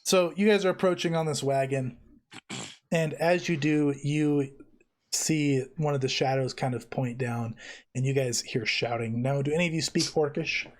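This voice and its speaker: Male game master, casual narrator, slightly high voice. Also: fairly even intonation, moderate pace. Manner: casual, easygoing narration with fillers.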